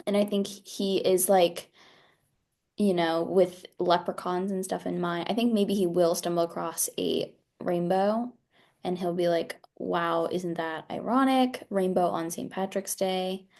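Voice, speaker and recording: A young woman co-hosting a casual podcast, asking deadpan follow-up questions and laughing easily. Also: lowish voice, vocal fry. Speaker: podcast co-host. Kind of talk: casual comedic chat.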